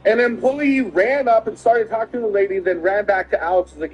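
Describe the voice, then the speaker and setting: A middle-aged father telling a story casually, animated and laughing often, acting out the quotes. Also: sits high, a little fast, rough recording.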